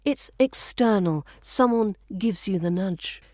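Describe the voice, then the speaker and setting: A woman with a British RP accent teaching pronunciation, speaking slowly and clearly and repeating each word for practice. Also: mid-range voice, animated, mellow, dry recording, studio quality. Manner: slow, carefully enunciated, repeats words for practice. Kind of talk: scripted accent lesson.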